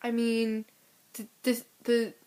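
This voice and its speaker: A woman's voice: on the high side, monotone, slow pace, warm tone. A teenage girl ranting to camera, telling a story in an exasperated, indignant way. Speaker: vlogger.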